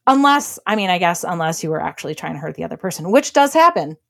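A woman co-hosting a podcast, giving relationship advice in casual chat with an earnest, emphatic manner and quick laughs. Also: on the low side, sing-song, vocal fry. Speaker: podcast co-host.

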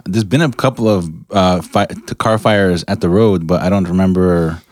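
A man's voice: low-pitched, fairly even intonation, moderate pace, a little mellow. A man from Canada, a guest in a casual podcast chat, rambling and correcting himself as he goes. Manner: rambling, hesitant, self-correcting.

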